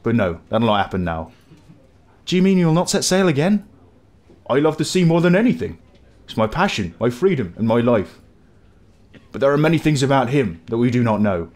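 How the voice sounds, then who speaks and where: A man voicing a grizzled old sailor in a game tavern, with a put-on West Country accent and a gruff, brooding way of telling tales. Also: mid-range voice, very animated, normal speed, pauses often, a little mellow, lightly acted. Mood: proud. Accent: West Country English, put on.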